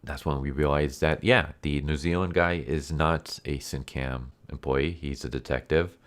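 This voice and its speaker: A man with an extremely deep, low voice talks through a movie's plot in a loose, casual recap. He rambles, leaning on 'like' and 'um' as he goes. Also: steady tone, normal speed. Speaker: anime movie reviewer.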